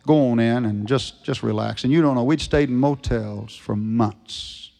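A man preaching a revival sermon, folksy and storytelling, rising to shouted fervor. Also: mid-range voice, measured pace, gravelly. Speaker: evangelist preacher.

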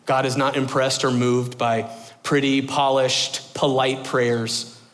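A man's voice: medium pitch, flat delivery, slow, fairly bright tone. A man preaching a sermon in a loose, chatty style. He restarts his phrases often and fills the gaps with everyday filler words. His voice rings out with a long reverb through a church sanctuary. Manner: casual, conversational preaching with frequent fillers and restarts. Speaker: pastor.

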